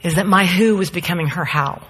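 A woman's voice: fairly low pitch, fairly quick, a little hiss or hum. A woman, a mother, telling a story in a sermon and acting out quotes. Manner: animated storyteller, acts out quotes. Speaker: speaker, mother. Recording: long hall reverb.

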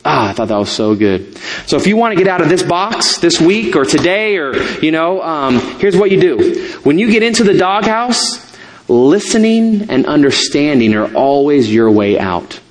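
A man's voice: on the high side, very animated, moderate pace. A middle-aged man, a pastor, preaching a sermon in a conversational way, with asides and self-corrections.

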